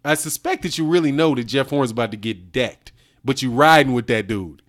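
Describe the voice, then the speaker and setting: This boxing channel host talks at a fairly quick pace in a medium-pitched voice. He chats casually with his livestream viewers in slang while reading super chats, laughing often and addressing people as "dog" and "man."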